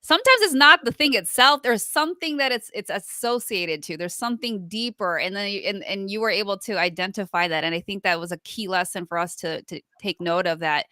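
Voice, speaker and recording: A woman's voice: mid-range voice, lively intonation, fairly quick, few pauses, sharp tone, no room sound, studio quality. A woman co-hosting a podcast, talking reflectively and acting out inner thoughts as she speaks. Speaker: podcast co-host. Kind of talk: casual conversational discussion.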